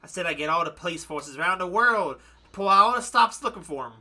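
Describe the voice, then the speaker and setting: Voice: medium pitch, animated, quick pace, pushed and bright. A streamer voicing a cheeky young woman, a former pickpocket, reading game dialogue aloud in a breezy, cocky way.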